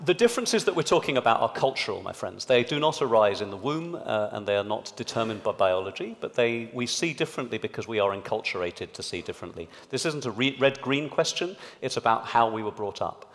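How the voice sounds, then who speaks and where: A man giving a public talk to a live audience in a large hall, explaining an experiment in a lively way. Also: mid-range voice, brisk, hardly any pauses. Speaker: panelist. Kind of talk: public talk at a debate event. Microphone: amplified stage microphone. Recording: long hall reverb.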